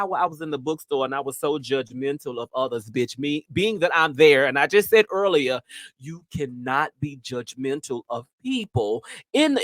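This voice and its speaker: A man's voice: fairly high pitch, a bit bright, no room sound, studio quality. A man hosting his show, telling a story in a brash, profane, sassy way. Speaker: host. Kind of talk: casual storytelling.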